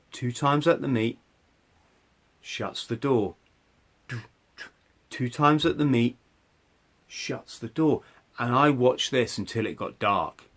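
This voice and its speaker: Man telling a personal story. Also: mid-range voice. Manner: conversational, many restarts and "right?" asides. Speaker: podcast host.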